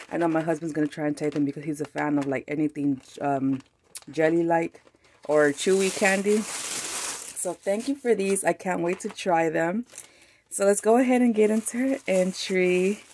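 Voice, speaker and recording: A woman with a Mexican-American accent excitedly chatting as a craft channel host, gushing over a mail package. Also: lowish voice, moderate pace, a little hiss or hum. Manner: gushing, excited, frequent laughs. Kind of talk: casual unboxing chat.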